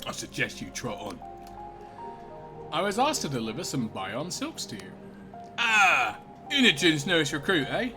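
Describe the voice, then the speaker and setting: A man voicing a sly, menacing male fixer in a video game, low and quiet. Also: very animated, measured pace, pauses often, music in the background.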